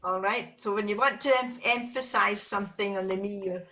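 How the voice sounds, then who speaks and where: Woman, language teacher, patient, bright tense tone. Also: medium pitch, steady tone, normal speed, hardly any pauses, muffled recording. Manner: patient, repeats each word for students to echo. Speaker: Gaelic teacher. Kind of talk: language lesson with a small class.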